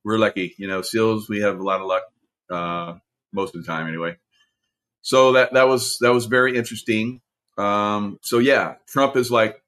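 A man's voice: on the low side, fairly even intonation, moderate pace, fairly bright tone. A man in his sixties, a former Navy SEAL, telling stories in a rambling, casual way, with many "uh" fillers and restarts. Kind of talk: casual storytelling monologue.

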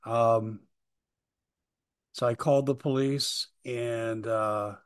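A middle-aged man hosting his own show, talking urgently and earnestly, hoarse from talking all day. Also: mid-range voice, fairly even intonation, takes it slowly. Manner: urgent, earnest, reading out posts. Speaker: host. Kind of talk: solo show monologue.

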